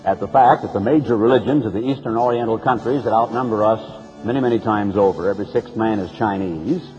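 A man's voice: fast, soft background music. A man preaching an emphatic, sarcastic broadcast sermon, recorded on a dull lo-fi tape with long reverb. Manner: emphatic, sarcastic preaching with sharp pitch swings.

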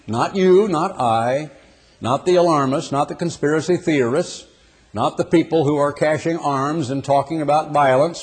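A man's voice: on the high side, moderate pace, slightly rough. An older man from the United States preaching an impassioned sermon, his voice swelling with emphasis as he reads scripture.

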